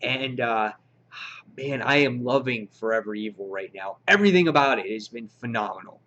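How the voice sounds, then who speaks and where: A man giving a casual, slangy spoken review of a comic book, excitable and quick to act out his own reactions. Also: mid-range voice. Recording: dull lo-fi recording.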